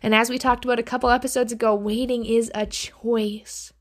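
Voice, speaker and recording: A woman hosts a devotional podcast, earnestly reading and teaching from the Bible. She often drops to a hushed near-whisper on key phrases. Her voice is a little high, her delivery flat and brisk.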